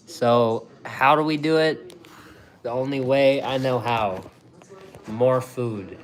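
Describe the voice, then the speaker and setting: A young man chatting casually as a food review vlogger, rambling and excitable, restarting his sentences often. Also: mid-range voice, drawn-out words, pauses often. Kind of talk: casual chat.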